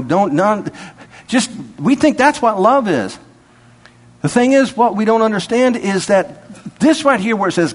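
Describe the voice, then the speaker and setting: A middle-aged male preacher delivers a sermon with a high, lively voice that swings widely in pitch. His tone is husky, and he keeps breaking into laughter as he plays out short imagined conversations. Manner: animated, laughing, acts out little dialogues.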